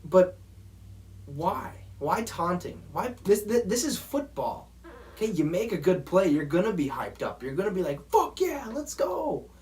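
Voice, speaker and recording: A man's voice: high-pitched, expressive, moderate pace, darkish tone. A man hosting a football show, ranting in a profane, exasperated way straight to his viewers. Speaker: sports show host. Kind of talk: heated football rant.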